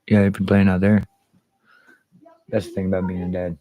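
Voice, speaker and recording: A man's voice: deep voice, level tone, a little fast, pauses often, dark tone, rough recording. A man hosting a casual livestream, rambling and swearing freely while greeting viewers by name. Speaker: livestream host.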